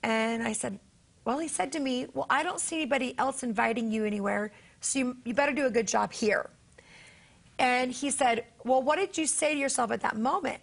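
A woman's voice: sits high, fairly quick, gravelly. A woman guest on a faith talk show, telling a personal story in earnest and acting out the dialogue as a preacher and author.

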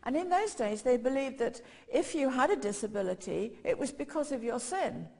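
A woman preaching a sermon, her voice fairly high and breathy. She tells a story and acts out its voices with mounting force. A long hall echo trails her words. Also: animated, normal speed, mellow.

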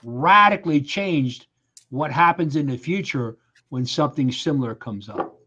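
A man's voice: a little high, expressive, normal speed, pushed and bright, breathy edge. Emphatic man in his sixties, lo-fi. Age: 60s. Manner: emphatic, storytelling, acts out quoted voices. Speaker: life coach. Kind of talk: casual podcast conversation.

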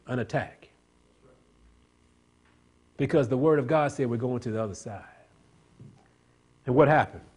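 A man preaching an impassioned sermon, building to loud emphatic points and asking the congregation questions for response. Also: mid-range voice, husky.

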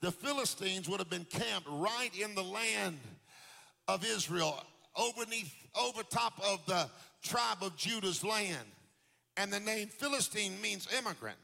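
A man preaching a sermon in church in a sing-song cadence that climbs into shouts. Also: high voice, expressive, a little slow, gravelly. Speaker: pastor. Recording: long hall reverb with faint music.

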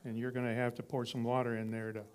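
A man's voice: medium pitch, monotone, fast talker, a little mellow, clean tone. A man preaching a sermon in a conversational teaching style, reading scripture and building to emphatic repeated lines.

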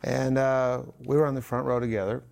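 A man's voice: mid-range voice, level tone, fairly quick, gravelly, a little mellow. A man co-hosting a Bible discussion, chatting and recalling past events. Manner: conversational, recalling memories. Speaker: co-host.

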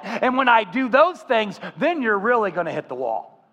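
A man preaching a sermon as pastor, telling stories with animated voices. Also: high voice, normal speed, long reverb tail. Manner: animated storytelling, acting out voices.

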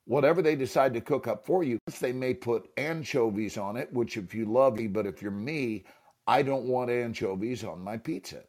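A man's voice: mid-range voice, moderate pace, a little mellow. A man, an actor and teacher, telling a motivational story as a guest. He speaks emphatically and acts out the dialogue.

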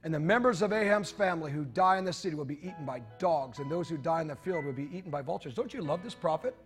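A man's voice: on the high side, expressive, fast, soft background music. A man preaching a sermon in church, reading scripture aloud with joking asides to the congregation. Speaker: pastor.

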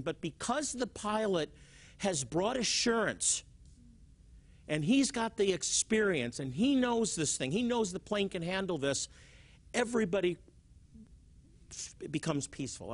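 Animated male Bible teacher, lively pitch. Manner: animated, repeats words, acts out examples. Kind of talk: televised teaching with stories.

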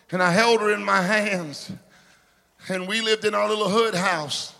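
A man, preaching a sermon, swinging from shouts to hushed asides. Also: high voice, creaky. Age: 50s. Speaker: pastor. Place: large church sanctuary. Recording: reverberant church hall.

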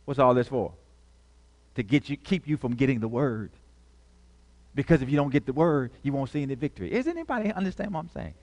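A man's voice: medium pitch, lively intonation, a little fast, a little mellow, big-room sound. A male pastor preaching a sermon, calling out questions to the congregation and repeating key phrases.

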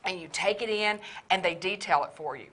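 A woman's voice: on the low side, brisk, fairly bright tone, rough recording. A woman co-hosting a Christian marriage show, chatting casually and affirming her partner with everyday anecdotes. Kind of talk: casual chat.

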